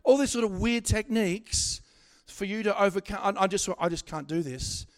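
High-voiced animated preacher. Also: male voice, moderate pace. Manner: animated, swings from loud exhortation to quiet asides, stammering restarts. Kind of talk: sermon.

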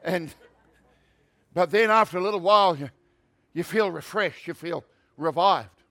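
A man pastor preaching a sermon, shifting from conversational asides to loud, emphatic preaching. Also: high-pitched, unhurried.

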